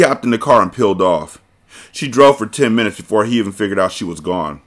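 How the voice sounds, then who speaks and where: A man's voice: lowish voice, brisk. A man hosting a podcast, reading a novel aloud casually and breaking off to joke and comment.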